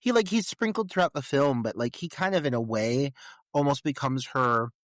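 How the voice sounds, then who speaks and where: A man's voice: medium pitch, normal speed, no echo. Podcast guy reviewing a horror movie, lots of uh and like, dry mic. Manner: rambling, many fillers and restarts. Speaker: podcast co-host. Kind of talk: casual movie review chat.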